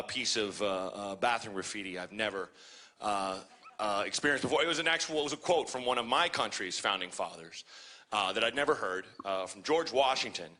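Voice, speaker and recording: A man's voice: fairly low pitch, bright, forceful tone. Hesitant, mock-grand man opening a stand-up set. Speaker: stand-up comedian. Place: comedy club stage.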